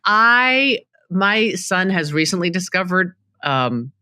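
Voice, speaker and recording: A middle-aged woman, a guest on a talk show, telling stories in a chatty, animated way. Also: fairly low pitch, takes it slowly, clean tone, no room sound, studio quality. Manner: chatty, animated storytelling, laughs easily. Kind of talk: casual interview chat.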